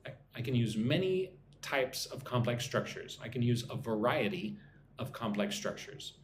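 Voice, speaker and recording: A man teaching an English lesson on a live stream, talking slowly and checking in with "right?" after his points. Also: mid-range voice, animated, slight background noise. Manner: slow, repeats points with frequent "right?". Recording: echoey room, faint ambience.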